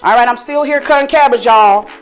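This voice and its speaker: A woman's voice: a little high, fairly quick. A middle-aged woman hosting a casual cooking vlog in her home kitchen, chatty and teasing, talking to viewers as y'all. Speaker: cooking show host. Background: music and family chatter.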